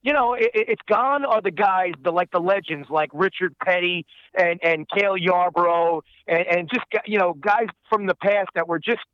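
Rambling man with a high voice. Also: normal speed, no echo, muffled recording. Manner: rambling, many fillers. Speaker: voice actor guest. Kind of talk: casual interview.

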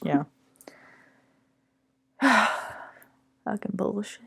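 A young woman co-hosting a podcast tells stories in casual chat, swearing and acting out what others said. Her medium-pitched voice is gravelly and husky, and she draws out her words; she's animated and profane.

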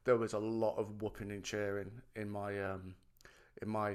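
A man's voice: on the low side, flat delivery, normal speed, darkish tone, clear, resonant tone. A man co-hosting a podcast, chatting about films animatedly and swearing freely. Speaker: podcast co-host. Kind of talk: casual film chat.

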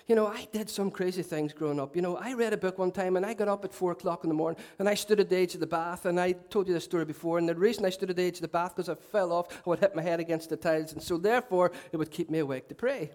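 Pastor guy preaching in church, pretty high voice, rambly jokey asides. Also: fast, hardly any pauses, darkish tone. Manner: chatty, self-mocking humour with asides. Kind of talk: sermon. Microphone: handheld mic.

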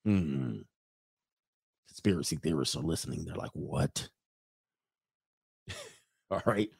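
A man's voice: extremely low pitch, expressive, unhurried, vocal fry, darkish tone, breathy edge, dry recording, clean studio sound. A man hosting a casual livestream, reading viewer messages, joking, laughing often and mimicking people.

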